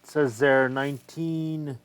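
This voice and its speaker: A man's voice: fairly high pitch, steady tone, slow, clean tone, dry recording. A man casually talking through a hands-on repair of an old game cartridge, thinking aloud and swearing freely as he works. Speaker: retro game collector.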